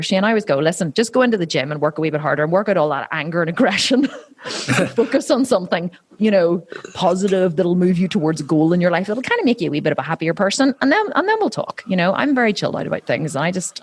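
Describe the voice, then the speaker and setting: A woman's voice: medium pitch, slightly rough. A woman, telling stories in a casual interview, acting out other people's voices and swearing freely. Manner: animated storyteller, acts out quoted voices, swears freely. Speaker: podcast host being interviewed.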